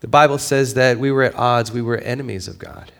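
A man preaching a sermon in a mid-range voice, talking to the congregation in a conversational way. He drops to a hushed tone for stories, then builds up to loud, emphatic points. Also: mid-range voice, steady tone, brisk. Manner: swings from quiet, intimate storytelling to raised, emphatic preaching; conversational, with fillers and frequent "right?". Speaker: pastor.

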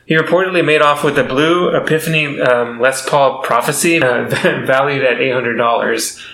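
A man's voice: medium pitch, normal speed, gravelly, pushed and bright, echoey room, a little hiss or hum, low-quality recording. A man hosting a casual comedy podcast, telling a story with lots of laughs and fillers. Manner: laughs often, rambling with fillers. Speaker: podcast host.

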